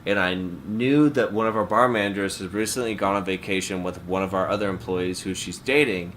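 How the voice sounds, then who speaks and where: Bright-voiced young man telling a story. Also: low-pitched, fairly quick, a little hiss or hum. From Washington State. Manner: animated, profane, laughing storyteller. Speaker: podcast co-host. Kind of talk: casual storytelling.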